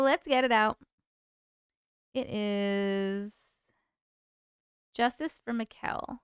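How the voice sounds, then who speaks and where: A woman's voice: medium pitch, drawn-out words, long pauses, clear, resonant tone, dry recording, studio quality. A woman hosting a casual livestream, chatting with viewers, laughing often and stumbling over hard words. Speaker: livestream host reading viewer stories.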